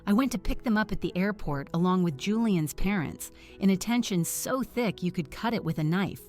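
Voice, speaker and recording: Measured middle-aged woman narrating. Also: medium pitch, animated, darkish tone, soft background music. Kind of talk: scripted first-person story narration.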